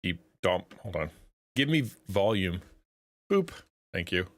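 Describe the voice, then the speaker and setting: A man streaming and chatting casually, rambling with restarts and quick laughs. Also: low-pitched, big pitch swings, no echo. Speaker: streamer and Christian content creator. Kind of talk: casual live-stream chat.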